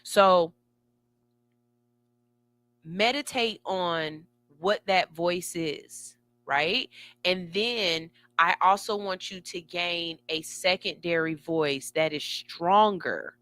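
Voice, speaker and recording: Bright, dry-voiced sassy woman host. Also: on the low side, takes it slowly, no echo. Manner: emphatic, sassy, building excitement. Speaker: radio show host. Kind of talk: motivational talk.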